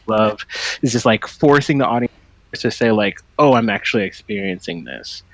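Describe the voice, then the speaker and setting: Animated man on a dry mic. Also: lowish voice, a little fast, no echo, poor audio. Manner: animated, acts out quoted lines. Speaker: podcast co-host. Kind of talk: casual podcast chat.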